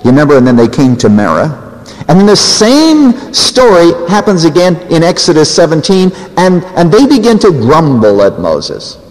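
A man preaching a sermon, acting out quoted voices and swinging his pitch up and down for emphasis. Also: big pitch swings, normal speed, darkish tone. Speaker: pastor. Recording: reverberant hall.

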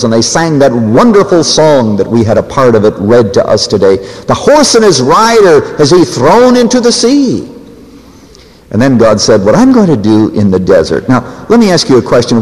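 Animated male preacher in a reverberant hall. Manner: expressive preaching, acts out quotes with big pitch swings. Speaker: pastor. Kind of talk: sermon.

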